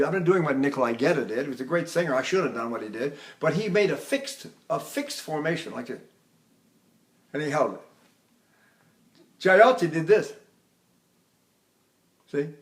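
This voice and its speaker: An older man giving a voice lesson in a rambling, conversational way, now and then singing short operatic phrases. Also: on the high side. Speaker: voice teacher. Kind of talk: recorded vocal lecture with sung demonstrations.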